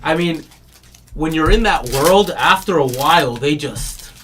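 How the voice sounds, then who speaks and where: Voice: medium pitch, expressive, unhurried, a bit bright, a little hiss or hum. A card break host in casual chat, rambling through stories and laughing, then rattling off player names while opening packs.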